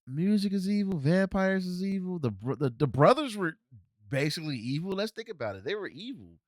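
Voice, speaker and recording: Animated man rambling through a movie review. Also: fairly quick, dry recording, clean studio sound. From Cincinnati, US. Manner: rambling, frequent restarts and fillers, animated swings in pitch. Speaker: podcast host reviewing a movie. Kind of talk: casual solo movie review.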